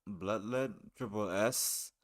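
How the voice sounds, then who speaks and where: A man's voice: lowish voice, slow pace. A man hosting a live stream, chatting casually and commenting on a game, with a laid-back manner and a habit of repeating phrases.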